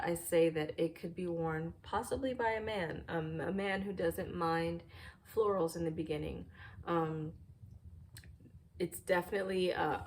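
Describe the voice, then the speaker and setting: A woman with a slightly low voice talks through perfumes in a relaxed home review. She pauses often with "um" and feels her way toward each description. A faint background hum sits under her voice. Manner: thoughtful, searching for words with many ums. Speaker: fragrance reviewer. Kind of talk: casual product review. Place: home room with a fireplace.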